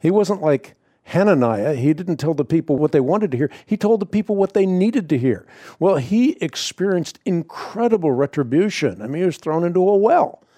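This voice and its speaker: A man's voice: fairly high pitch, lively intonation, normal speed, few pauses, mellow, no echo. A man hosting a radio talk show, speaking in a heartfelt, emphatic storytelling manner. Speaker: radio host.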